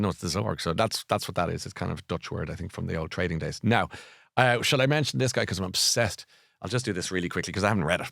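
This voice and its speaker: Chatty Irish man with a low voice. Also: vocal fry, dry recording, studio quality. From Ireland. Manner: chatty, digressive, animated storytelling. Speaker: broadcaster recommending books. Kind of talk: casual live chat.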